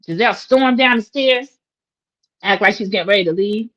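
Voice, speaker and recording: A woman in her forties talks through a reality TV episode in a casual, opinionated way, calling out to her viewers. Her voice sits at a middle pitch. The recording is dull and lo-fi, like a home setup. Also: normal speed, fairly bright tone. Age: 40s. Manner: opinionated, chatty, addresses viewers as y'all. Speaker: recap host.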